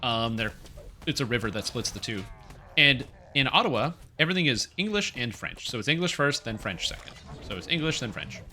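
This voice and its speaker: A chatty Canadian man streams a game from home, talking into a desk mic. His voice is strikingly bright and sharp. He rambles along with plenty of fillers and restarts, at a middling pitch. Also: big pitch swings, fairly quick, a little hiss or hum. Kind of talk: casual gaming stream chat.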